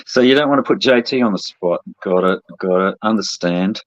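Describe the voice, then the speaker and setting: A man's voice: fairly low pitch, moderate pace, muffled recording. A man in a heated online voice chat, confrontational and sneering, swearing constantly. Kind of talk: angry live-stream argument.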